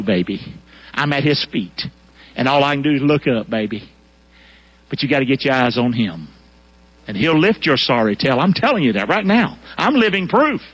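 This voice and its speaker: A male pastor preaching a lively sermon in a church, colloquial and fiery, calling on the congregation to repeat after him. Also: a little high.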